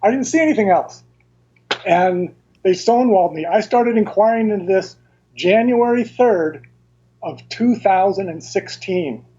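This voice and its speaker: The remote connection sounds dull and lo-fi as a male interview guest explains matters in careful detail, with hesitant restarts. He is high-pitched, his tone dark and a little rough.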